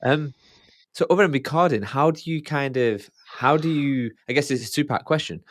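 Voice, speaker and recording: A man's voice: mid-range voice, moderate pace, dry recording. A man hosting a podcast, asking curious questions in a hesitant, restarting way. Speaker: podcast host. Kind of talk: conversational podcast interview.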